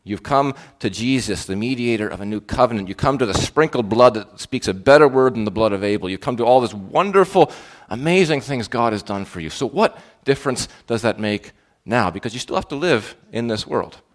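A man's voice: medium pitch, expressive, fairly quick, few pauses. A male pastor preaching a sermon in an earnest, questioning way, with frequent fillers and restarts.

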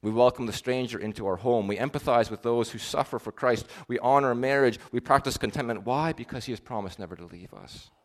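A man preaching a sermon, earnest, rising to emphatic swells and dropping to soft, quiet endings. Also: mid-range voice, fairly quick, hardly any pauses.

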